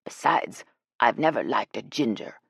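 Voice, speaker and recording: A woman's voice: a bass voice, expressive, a little slow, gravelly, husky, no room sound, clean studio sound, voice pushed down, heavily acted. A woman voicing a blunt, teasing older woman with a brash, bossy manner, in an audiobook.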